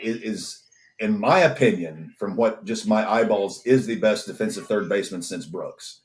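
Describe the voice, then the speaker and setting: A man's voice: on the low side, normal speed. A man co-hosting a casual podcast, rambling with many restarts and frequent swearing. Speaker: podcast co-host. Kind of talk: casual chat.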